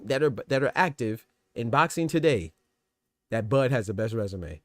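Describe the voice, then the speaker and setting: A man's voice: mid-range voice, animated, moderate pace, no room sound, clean studio sound. A man hosting a boxing podcast stream, talking casually with many fillers and restarts. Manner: conversational, repeats fillers like "you know what I'm saying", restarts words. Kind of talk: casual livestream commentary.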